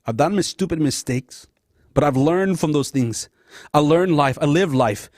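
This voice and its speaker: A middle-aged Lao-speaking man born in Laos hosts a talk show, delivering an emotional, passionate personal monologue directly to his audience, whom he calls "guys." His voice sits on the high side, animated and darkish, at a moderate pace. The recording is clean studio sound with no room noise.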